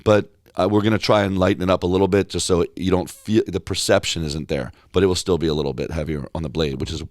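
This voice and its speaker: A man talking as a podcast guest in a studio, telling stories with excitable energy and quick restarts. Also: deep voice. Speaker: podcast guest, company founder. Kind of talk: casual podcast chat.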